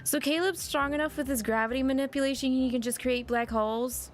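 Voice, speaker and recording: A woman's voice: high voice, steady tone, a little fast, over music. A young woman streamer reading a story game aloud and chatting casually with viewers. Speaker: VTuber streamer.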